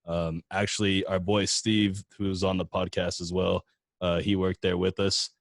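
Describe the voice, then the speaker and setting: A man hosting a podcast, setting up a story in loose, halting casual chat. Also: low-pitched, flat delivery, vocal fry, no room sound, clean studio sound. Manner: loose and halting, with many fillers. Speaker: podcast host.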